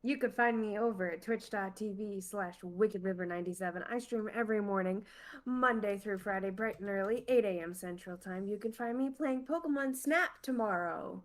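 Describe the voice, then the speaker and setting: A woman streamer giving a quick, upbeat plug for her channel. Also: mid-range voice. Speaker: streamer guest. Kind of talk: casual plug.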